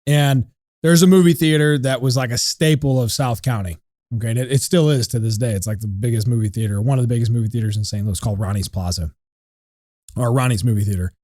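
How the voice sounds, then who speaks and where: Fast-talking profane man. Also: medium pitch, darkish tone, dry recording, clean studio sound. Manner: profane, heated, rapid storytelling. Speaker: podcast co-host. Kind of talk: animated storytelling.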